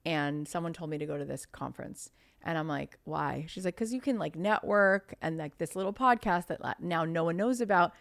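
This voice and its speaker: Woman, 30s, podcast guest; lower pitch, animated casual storyteller. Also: fairly quick, vocal fry. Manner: chatty, animated storytelling with many "like" fillers.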